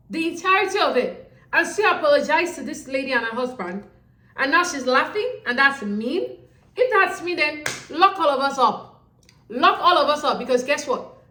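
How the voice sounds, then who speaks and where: A woman hosting a casual reality TV recap, animated and sassy, acting out what others said. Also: high voice, echoey room. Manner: animated, sassy, quotes people in voices.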